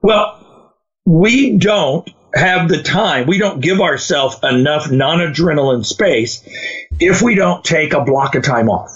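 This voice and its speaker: A man's voice: on the high side, slow. A man co-hosting a casual podcast, telling stories and quoting people as he goes. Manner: storytelling, quotes others in animated voices. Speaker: podcast co-host. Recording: dull lo-fi sound.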